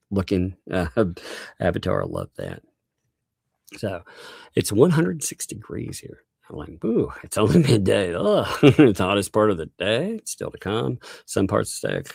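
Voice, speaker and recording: A man's voice: lowish voice, creaky, a little mellow, no echo, clean studio sound. A male livestream host in casual chat, reading out viewer donations and laughing constantly between remarks.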